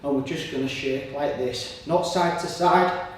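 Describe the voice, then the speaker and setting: A man's voice: medium pitch, unhurried. A man leading a guided somatic exercise, giving encouraging cues and breathing audibly between them. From Britain. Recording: echoey room, voice from far off.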